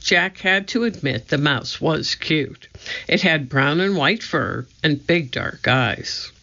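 A narrator reading a children's book aloud in an expressive storytelling manner. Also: mid-range voice, takes it slowly, creaky, dull audio. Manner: expressive storytelling, voicing each character. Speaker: audiobook narrator.

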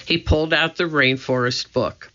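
A man reading a children's storybook aloud, narrating slowly and deliberately. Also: on the high side, pushed and bright. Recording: dull lo-fi recording.

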